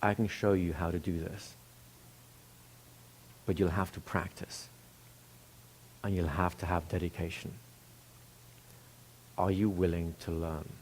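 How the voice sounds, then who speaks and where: A man voicing a gentle, clumsy old male kung fu teacher who speaks softly and without hurry. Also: low voice, little pitch movement, a little hiss or hum, voice pushed down. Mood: calm. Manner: soft, apologetic, unhurried.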